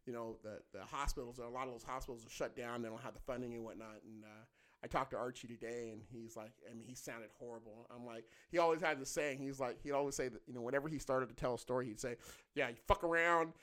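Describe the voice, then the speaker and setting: A man's voice: medium pitch, fairly even intonation, fast. A man in his fifties telling stories in casual chat, acting out quotes in a raised voice and swearing freely. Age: 50s.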